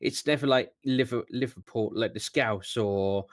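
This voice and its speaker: A man's voice: medium pitch, moderate pace. A man co-hosting a podcast, chatting in a blunt, opinionated way. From Britain. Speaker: podcast co-host. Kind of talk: casual chat.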